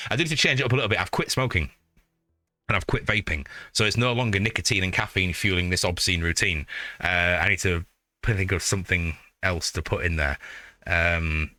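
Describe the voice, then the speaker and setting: A man in his forties from northeast England with a northeast English accent, chatting casually while streaming a video game, rambling and swearing freely, with loud excited greetings. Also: on the low side, smooth, dry recording. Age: 40s. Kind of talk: casual live-stream chat.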